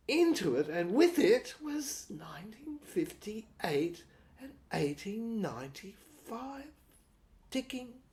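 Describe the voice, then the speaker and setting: A woman reads a first-person audio novel, her delivery dreamy and wandering, full of pauses. Her voice sits a little high and swings widely in pitch. She takes her time with every phrase. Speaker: narrator.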